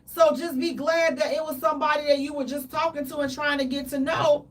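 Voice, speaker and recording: A woman co-hosting a casual radio talk show, animated and dramatic, with playful exaggeration. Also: high voice, a little fast, far from the mic.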